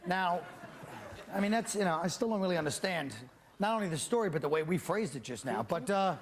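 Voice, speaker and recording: A man's voice: sits high, animated, brisk. A man hosting a comedy panel show, delivering a sardonic, mock-alarmed stand-up monologue before a live studio audience. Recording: studio audience laughter and noise.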